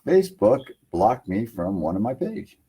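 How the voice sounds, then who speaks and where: A man's voice: on the low side, sing-song, normal speed, warm tone, breathy edge. A man hosting an internet radio livestream, rambling loosely in casual chat from his home computer setup and filling lines with "man".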